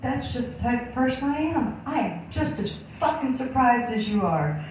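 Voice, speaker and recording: A woman's voice: high-pitched, animated, normal speed, darkish tone, a little hiss or hum. A woman telling a crude, sarcastic stand-up story in a blunt way. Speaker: comedian. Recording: echoey room from far off.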